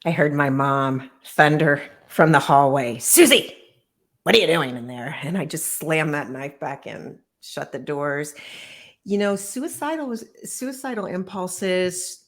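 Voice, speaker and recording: A middle-aged woman, a guest author, shares her own story in an interview. Her voice is low and her delivery earnest and measured, with pauses as she recalls painful memories.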